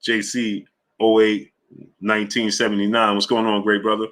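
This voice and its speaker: A New York man hosts a casual livestream, running through viewer names with slangy greetings. His voice sits low. It has a bright, forceful edge. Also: completely flat delivery, normal speed. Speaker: livestream host.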